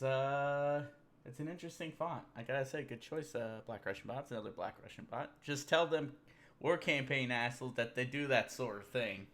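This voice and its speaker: A man's voice: medium pitch, fairly bright tone. A man hosting a casual livestream, rambling and joking about memes while drinking beer. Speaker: livestream host. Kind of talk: casual livestream meme commentary.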